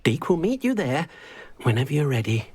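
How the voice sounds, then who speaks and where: A man's voice: fairly high pitch, big pitch swings, moderate pace, noisy background. An actor playing a kindly male house elf in a video game, who talks about himself in the third person. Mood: earnest.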